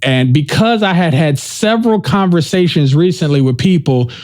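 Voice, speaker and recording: A man with a slightly higher-than-usual voice hosts a podcast alone. He rambles and reflects in an easygoing, informal way, checking in with the listener as he goes. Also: lively intonation, moderate pace, a little mellow. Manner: informal, says "yo" and "right?". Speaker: podcast host. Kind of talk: casual monologue.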